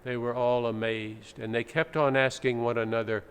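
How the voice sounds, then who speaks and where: Level in tone and clean, a man's medium-pitched voice moves at a moderate pace as he preaches. The pastor explains in a teacherly fashion with dramatic readings, in a church sanctuary that sounds echoey with faint background noise.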